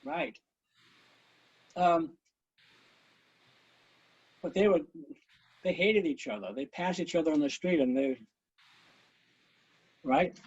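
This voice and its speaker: A man's voice: a little high, expressive, slow, vocal fry, long pauses, a little mellow, breathy edge, no echo. A man teaching an online conducting class over a video call, coaching students and counting beats aloud, with chatty asides. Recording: muffled lo-fi video call audio.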